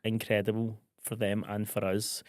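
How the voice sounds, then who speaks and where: A man's voice: fairly low pitch, completely flat delivery, normal speed, a little mellow, no room sound, studio quality. A young Scottish man co-hosting a podcast in casual, jokey chat, acting out the exchanges he retells. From Scotland. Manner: chatty, jokey, acts out quoted exchanges. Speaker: podcast co-host.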